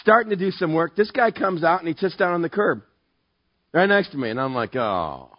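Male pastor, husky, slightly high-pitched; dry, dull recording; playful storyteller. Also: animated, dry recording. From Southern California. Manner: self-deprecating, acts out dialogue with quick pitch jumps. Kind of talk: conversational sermon with storytelling.

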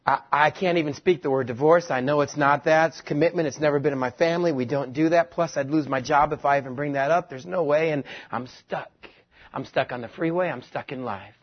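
Storytelling pastor, higher voice, muffled sound. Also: male voice, a little fast. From West Texas. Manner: storytelling, self-mocking humor. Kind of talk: sermon. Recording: dull lo-fi recording.

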